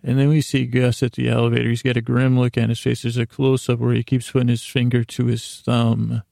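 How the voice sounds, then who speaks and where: Brief: sleep-podcast host, a man from upstate New York, gravelly and mellow, rambling with fillers. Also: mid-range voice, little pitch movement, brisk, dry recording, clean studio sound. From Syracuse, New York, US. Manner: rambling, full of fillers and restarts. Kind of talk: meandering bedtime storytelling.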